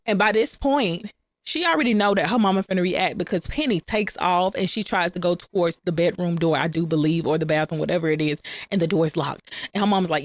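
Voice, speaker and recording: A woman's voice: on the low side, brisk, no room sound. A woman host casually retelling a TV episode, chatting to her viewers and acting out the characters' lines in slangy, informal talk. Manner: chatty, addresses viewers as y'all; playfully acts out the characters' lines. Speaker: recap channel host. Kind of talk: casual storytelling recap.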